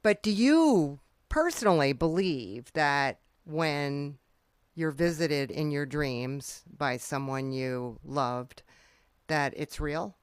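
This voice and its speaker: Slow, smooth-voiced interview host. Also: mid-range voice, animated, no echo. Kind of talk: interview questions.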